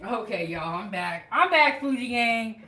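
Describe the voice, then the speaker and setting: A woman's voice: fairly high pitch, expressive, measured pace, pushed and bright, a little hiss or hum. A woman hosting a live home cooking show, chatting casually to her viewers from her kitchen. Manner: chatty, talks straight to viewers.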